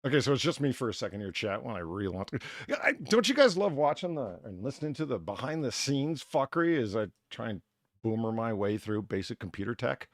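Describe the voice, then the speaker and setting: A male streamer talks off the cuff, swearing and joking at his own expense. His voice is gravelly and jumps around in pitch. The mic is dry and close, with faint music underneath. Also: big pitch swings, fairly quick, no room sound. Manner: self-mocking, swearing, thinking aloud while fixing tech. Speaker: podcast host and streamer. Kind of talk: casual stream chat.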